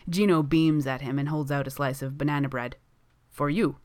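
A woman reading a story aloud in a calm, even storytelling manner. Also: a bass voice, fairly quick, no room sound. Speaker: reader.

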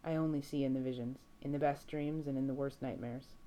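A woman reading aloud voices a blind young man in an audiobook, quiet and flat in his delivery. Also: a bass voice, brisk, low-quality recording.

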